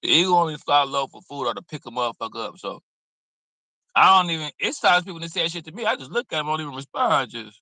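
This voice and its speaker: Preachy streetwise man, bright dry voice. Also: on the high side, animated, fast talker, no room sound, rough recording. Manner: preachy, streetwise, blunt with cursing. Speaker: commentary host. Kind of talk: casual reaction commentary.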